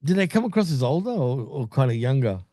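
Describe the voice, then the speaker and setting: A man's voice: medium pitch, big pitch swings, fast talker, warm tone, dry recording, clean studio sound. A man co-hosting a casual wrestling podcast, recapping episodes in a laid-back way, laughing often and swearing freely. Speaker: podcast co-host.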